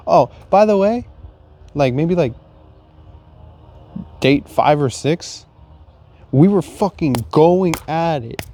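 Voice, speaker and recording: A young man casually telling a heartbreak story, cursing a lot and acting out his own inner dialogue, joking even while sad. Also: on the high side, slow, long pauses. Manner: laughs and jokes while sad. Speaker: vlogger.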